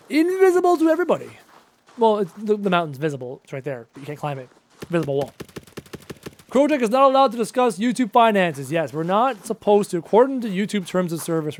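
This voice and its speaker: Upbeat high-voiced gaming streamer, a man. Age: around 30. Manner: upbeat, chatty, answers viewer questions. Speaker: gaming livestreamer. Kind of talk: casual live-stream chat while playing.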